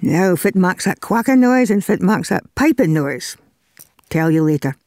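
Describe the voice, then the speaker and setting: Lively Northeast Scots male presenter. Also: high-pitched, moderate pace, a little hiss or hum. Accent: Northeast Scots (Doric). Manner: lilting, storytelling delivery with Scots words. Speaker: radio presenter. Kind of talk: broadcast presenting and interviewing.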